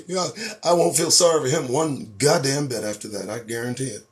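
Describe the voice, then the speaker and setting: A man hosting a live stream, reading news headlines aloud and ranting about them in a sarcastic, profane, animated way. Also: medium pitch, moderate pace. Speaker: host. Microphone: phone or webcam on a live stream.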